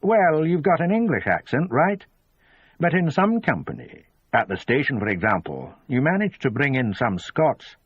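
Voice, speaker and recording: A man's voice: mid-range voice, sing-song, normal speed, husky, dry recording, pitched above the performer's own voice. A man voicing a young male detective who asks needling, know-it-all questions, in dull lo-fi audio. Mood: probing.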